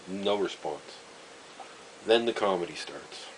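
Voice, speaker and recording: A man, telling a personal story in a rambling, halting way, full of fillers and wry chuckles. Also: low voice, slight background noise, rough recording. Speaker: vlogger. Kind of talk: casual storytelling monologue.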